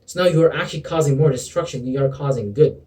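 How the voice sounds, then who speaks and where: A man's voice: mid-range voice, fast talker, mellow, distant mic, poor audio. A man giving an impassioned spiritual pep talk to camera, preachy and sometimes sarcastic, calling the listener bro and man. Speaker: motivational video preacher.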